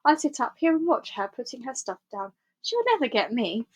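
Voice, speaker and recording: A rude cellar rat, put on by a woman reading aloud, shrill and scolding, with a high voice that shrieks at intruders. It is a storybook voice, read close to the microphone. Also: big pitch swings, normal speed, breathy edge, exaggerated voice. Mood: indignant.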